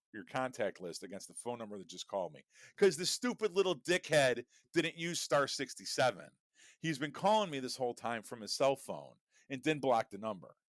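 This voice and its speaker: A man's voice: medium pitch, no room sound, clean studio sound. A middle-aged man co-hosting a podcast, telling a story in a profane, exasperated rant. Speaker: podcast co-host. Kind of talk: casual storytelling chat.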